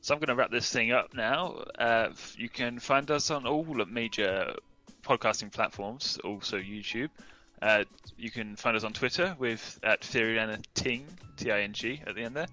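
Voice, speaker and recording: A young man co-hosting a casual podcast, relaxed and offhand as he wraps up the episode. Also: mid-range voice, moderate pace, few pauses, faint music behind. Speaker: podcast co-host.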